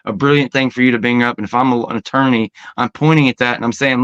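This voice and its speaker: A man's voice: medium pitch, fast, few pauses, fairly bright tone, no echo, highs cut off. A man co-hosting a sports podcast, arguing heatedly and swearing in casual chat. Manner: heated, profane argument. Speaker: podcast co-host.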